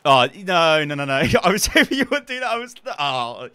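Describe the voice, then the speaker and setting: A man's voice: on the high side, big pitch swings, moderate pace, sharp tone, clear, resonant tone, no room sound. Chuckling man muttering game moves. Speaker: gamer playing against a friend. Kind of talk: casual gameplay chat.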